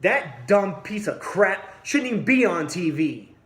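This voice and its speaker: A man delivering an angry, blunt monologue straight at his listeners, swinging from low mutters to loud outbursts. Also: sing-song, a little slow, reverberant. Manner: blunt, combative, addresses listeners directly. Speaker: vlogger.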